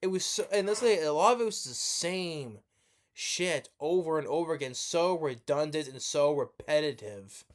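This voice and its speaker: A man's voice: a little high, lively intonation, normal speed. A man in a slightly raised register delivers a rambling movie review rant. He is sleepy and yawning, drifting between points, tripping over his own restarts, and dropping casual swear words. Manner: rambling and profane, many restarts.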